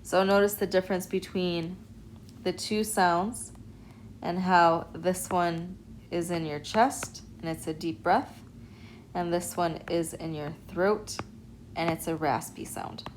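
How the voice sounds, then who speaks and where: A woman teaching an Arabic alphabet lesson, explaining and demonstrating sounds in a patient, clear way. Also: lowish voice, slow pace, slight background noise, low-quality recording. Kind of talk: recorded online lesson.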